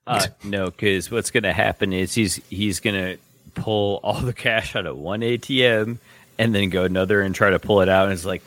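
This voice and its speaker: A man in a casual sports chat, animated and sarcastic, telling stories with plenty of swearing. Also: lowish voice, moderate pace, dry recording. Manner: animated, profane, sarcastic storyteller.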